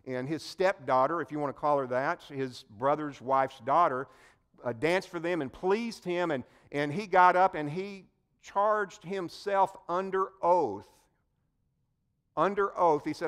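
A man preaching a sermon, telling the story in an animated way and addressing his listeners directly. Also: on the high side, normal speed. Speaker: pastor.

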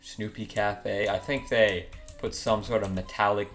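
A man's voice: lowish voice, fairly even intonation, a little slow, a bit bright, faint music behind. A young man giving crude, mocking commentary while trolling other players in an online game. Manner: joking, mocking, crude humor. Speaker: gaming YouTuber.

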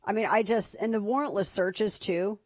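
Brief: woman talk radio host, mid-pitched, sarcastic and mocking, dry close studio sound. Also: moderate pace, dry recording. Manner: sarcastic, mocking, lively asides. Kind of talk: casual political talk radio.

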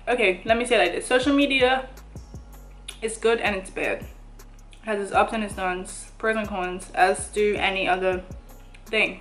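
Young adult woman, mid-pitched; casual eat-and-chat vlogger who rambles and rephrases. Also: a bit bright, low-quality recording. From Bermuda. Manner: rambling, restarts and rephrases her thoughts. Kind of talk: casual chat while eating.

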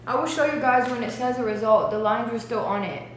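A woman's voice: a little high, a little fast, echoey room, a little hiss or hum. Anxious young woman on a live stream. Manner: anxious, repeats phrases over and over. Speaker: livestreamer.

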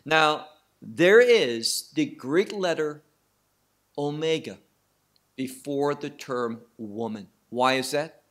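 Speaking slowly and with emphasis, a man works verse by verse through a Bible passage, asking his own questions and then answering them. His voice sits on the high side and sounds animated.

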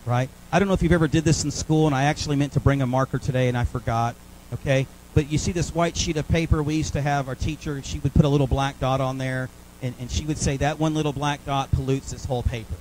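A man's voice: mid-range voice, fairly even intonation, fast, a little mellow, slight background noise, poor audio. A man with a Southern US accent preaching a sermon in church, often checking in with the congregation with "right?" and "okay?". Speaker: pastor. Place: church sanctuary.

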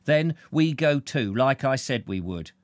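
A man's voice: medium pitch, animated, unhurried, no room sound, voice pushed up, close to an everyday voice. A man voicing a small, indignant older clerk who speaks firmly and commandingly.

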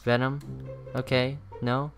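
Teen boy, gaming host, mid-pitched, rambling and excitable, faint game music behind. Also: slow. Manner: rambling, lots of fillers, excitable. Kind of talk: casual gameplay commentary.

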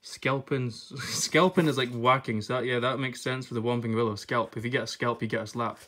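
A young man from Scotland with a Scottish accent, chatting casually about a book, laughing often and reading bits aloud haltingly. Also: mid-range voice, steady tone, a bit bright. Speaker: vlogger. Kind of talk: casual unboxing chat.

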